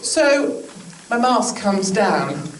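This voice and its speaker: A woman's voice: mid-range voice, sing-song, very slow. A woman with a British accent gives a chatty, joking speech to a live audience. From England. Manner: chatty, joking asides, acted quotes. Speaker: political speaker. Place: large indoor venue with an audience. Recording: echoey room from far off, crowd noise.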